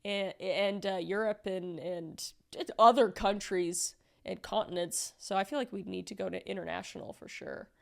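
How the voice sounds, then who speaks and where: A woman's voice: mid-range voice, fairly even intonation, normal speed, gravelly. A young woman co-hosting a podcast in casual chat. She is enthusiastic and swears freely, with lots of hesitant fillers. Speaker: podcast co-host.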